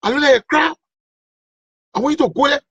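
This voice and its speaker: A man voicing an indignant married woman who scolds a flirt, with a sharp, scolding manner. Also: very high voice, brisk, no room sound, voice pushed up. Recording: dull lo-fi recording.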